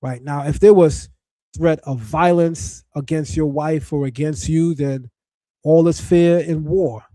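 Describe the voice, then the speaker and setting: A man's voice: fairly high pitch, steady tone, unhurried, mellow, no room sound. A man hosting a podcast, giving opinionated commentary in a conversational way with filler words. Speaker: podcast host.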